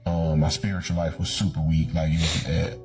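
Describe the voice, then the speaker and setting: Man, interview guest, very low flat voice, dark tone, relaxed and reflective. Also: brisk. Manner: relaxed, reflective, many fillers. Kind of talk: casual interview talk. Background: soft guitar music.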